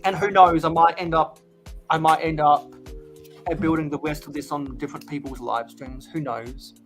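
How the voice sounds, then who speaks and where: A man's voice: fairly high pitch, steady tone, fairly bright tone, soft background music. A man hosting a livestream while building sets, chatting casually with many restarts and hesitations. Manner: halting, lots of restarts. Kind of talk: casual chat.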